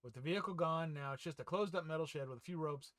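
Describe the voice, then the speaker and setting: A man with a fairly high, bright voice, recorded dry and close. He hosts a loose read-through of fan news, rambling between headlines with fillers and small chuckles. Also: racing, dry recording. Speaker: host of a fan news channel.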